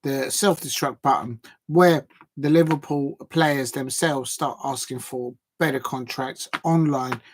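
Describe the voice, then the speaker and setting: A man's voice: mid-range voice, a little slow, a little hiss or hum. Male, 40s; casual football stream host, loose and rambling, lots of ums. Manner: rambling, chatty, thinks aloud with many fillers. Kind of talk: casual live chat reacting to viewers.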